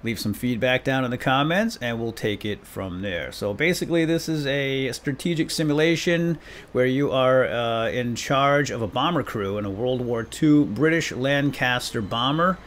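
A man in the middle of his range talks viewers through a game in an easygoing, self-deprecating way. Every so often he shouts mock commands at the crew on screen. Faint room ambience sits behind his voice. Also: mid-range voice, moderate pace, slight background noise. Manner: chatty and self-deprecating, addressing viewers directly. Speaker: gaming channel host. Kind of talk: let's play commentary.

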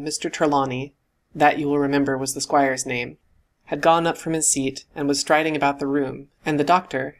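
Male audiobook narrator, steady and even delivery, scripted reading. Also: a little high.

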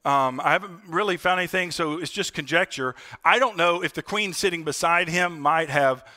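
High, bright-voiced preaching man. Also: normal speed. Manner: conversational, addresses the congregation as "friends"; asks for "Amen?" responses. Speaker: pastor. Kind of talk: sermon. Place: church.

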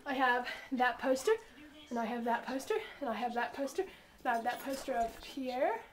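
A woman's voice: on the high side, moderate pace. A young woman chatting casually in her bedroom vlog, rambling and gushing like a fan. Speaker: vlogger. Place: bedroom at home.

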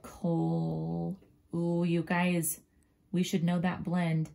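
A woman teacher slowly and gently walking young pupils through a writing lesson, often dropping into a soft near-whisper as she draws and spells. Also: fairly low pitch, monotone, creaky. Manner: slow, gentle, talks directly to young pupils. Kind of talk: children's writing lesson, drawing and thinking aloud.

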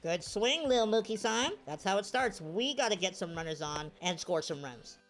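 A gaming YouTuber gives live commentary on his own baseball video game at normal speed over music. He's excitable, his voice jumping to high shouts on big plays, though he sounds tired after hours of play.

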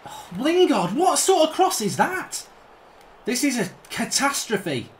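A man's voice: extremely high pitch, sing-song, slow, slight background noise. A man commenting live on his own gameplay, ranting and swearing in exasperated outbursts. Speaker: gaming streamer.

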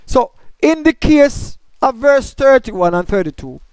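Male Bible teacher, high smooth voice, dry close sound; lectures by posing and answering his own questions. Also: big pitch swings, unhurried, a little mellow, no echo. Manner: asks questions and answers them himself; explains grammar point by point.

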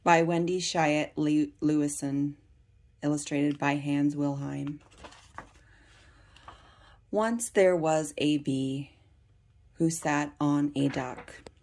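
Slow, low-voiced woman reading a picture book. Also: fairly even intonation, darkish tone, a little hiss or hum. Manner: deliberate, carefully paced storybook reading. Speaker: reader of a children's book. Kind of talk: slow read-aloud storybook narration for young children.

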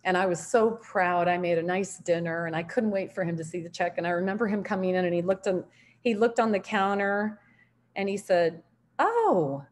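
A middle-aged woman giving a motivational training talk on network marketing, telling stories in an upbeat, animated way with frequent laughter. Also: lowish voice, brisk.

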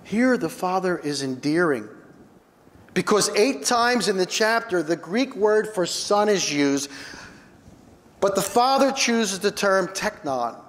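Slow, high-voiced preacher in a reverberant church. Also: male voice, lively intonation, a bit bright. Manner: earnest, slow, rising emphatic delivery. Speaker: pastor. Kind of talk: sermon. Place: church sanctuary. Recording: long church hall reverb.

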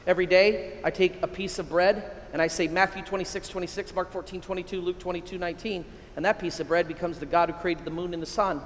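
Excitable high-voiced priest preaching in a hall. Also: male voice, fast talker, hardly any pauses, slight background noise. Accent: American. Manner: excitable, energetic preaching with sudden loud bursts. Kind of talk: keynote talk to a men's conference. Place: large hall at a conference. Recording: echoey hall, long reverb.

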